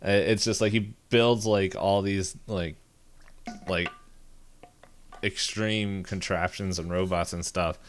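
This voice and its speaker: A man's voice: low-pitched, steady tone, takes it slowly, long pauses, slight background noise. A man co-hosting a podcast, talking casually and rambling with lots of filler words and restarts. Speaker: podcast co-host. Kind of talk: casual chat.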